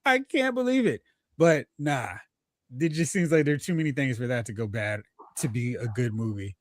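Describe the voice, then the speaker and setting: A man's voice: medium pitch, steady tone, moderate pace, no room sound, studio quality. Teasing man hosting a movie chat. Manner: laughing, teasing, reads out chat comments. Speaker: podcast host.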